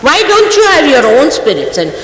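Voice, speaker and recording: Speaking in a high, somewhat bright voice with huge pitch swings and a moderate pace, a sixty-something spiritual teacher rebukes her followers. Her stern reprimands come as sharp rhetorical questions, recorded in a reverberant hall with faint background hiss.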